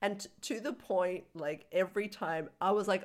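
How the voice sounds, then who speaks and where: An Australian woman with a fairly low voice, co-hosting a casual podcast chat. She tells stories in an animated way, breaking into laughter and acting out bits of scenes as she goes. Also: normal speed. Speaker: podcast co-host. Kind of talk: casual chat reviewing a film.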